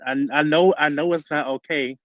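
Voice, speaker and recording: A man's voice: fairly high pitch, steady tone, normal speed, fairly bright tone, no room sound. A man co-hosting a casual chat, talking candidly and with emphasis, in everyday slang. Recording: dry, slightly dull lo-fi sound.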